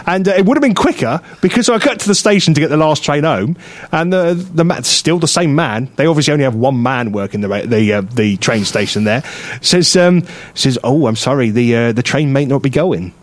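Guy on a radio show, higher voice, swoops all over as he tells his story. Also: brisk. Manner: animated storyteller who acts out other people's voices and laughs often. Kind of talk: casual chat, telling an anecdote. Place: radio studio.

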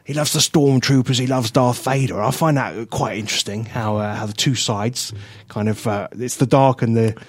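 A man co-hosting a casual radio talk show, animated and jokey, laughing often. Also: medium pitch, moderate pace, slightly rough, dry recording. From England.

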